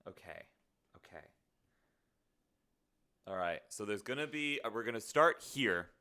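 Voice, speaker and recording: A man's voice: fairly low pitch, animated, unhurried, sharp tone. A man streaming live in casual chat, rambling in a playful, self-deprecating way.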